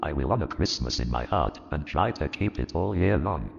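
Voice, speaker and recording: A man playing an old miserly man turned joyful and repentant, with a gravelly voice and a theatrical, animated delivery in an audio drama. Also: moderate pace, exaggerated voice. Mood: pleading. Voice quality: gravelly, very deep. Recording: reverberant, dull lo-fi, faint music.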